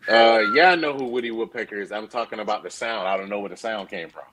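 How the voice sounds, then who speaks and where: A man's voice: on the low side, quick pace, fairly bright tone, poor audio. A man co-hosting a casual sports debate, defensive and restarting his sentences while talking over others. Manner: defensive, interrupts with repeated restarts. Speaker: show co-host.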